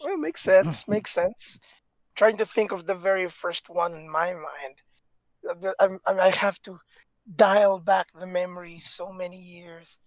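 A man co-hosting a casual chat, animated, laughing often and talking with plenty of fillers and restarts. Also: high-pitched, measured pace, dry recording. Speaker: podcast co-host.

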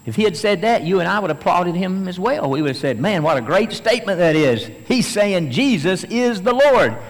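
A man preaching a sermon as a pastor, building to emphatic bursts and then slowing to stress key phrases. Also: high voice, expressive, big-room sound.

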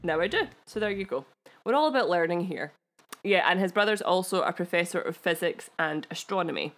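A woman's voice: lowish voice, expressive, brisk, a bit bright. Giggly Scottish woman telling history. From Scotland. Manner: chatty, giggly, self-deprecating asides. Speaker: podcast co-host. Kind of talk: casual chat, telling a history story.

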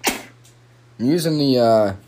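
A man's voice: medium pitch, takes it slowly, mellow, slight background noise. A young man ranting alone on a podcast, swearing constantly and rambling in frustration, recorded on a phone microphone. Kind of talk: frustrated solo podcast rant.

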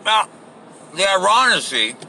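Guy ranting on his podcast outside, super bright voice, cussing nonstop, bit of traffic noise. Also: high-pitched, big pitch swings, slow, creaky. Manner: crude, sarcastic, swears constantly. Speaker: podcast host. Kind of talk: profane off-the-cuff rant.

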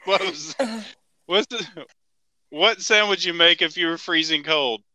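A woman's voice: on the low side, unhurried, sharp tone, dry recording. A woman host in a casual interview, laughing often and asking quirky questions.

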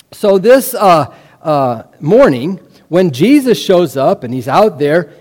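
A male preacher with a high, very lively voice that climbs and drops as he tells the story. He keeps throwing questions back at the congregation. The sound carries a long reverb, as in a big church hall. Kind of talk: sermon.

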